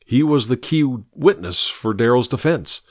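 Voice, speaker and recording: A man narrating an audiobook in a measured, storytelling way. His voice is lively, moving all over in pitch, and the recording is dry and close with no room sound. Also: no echo.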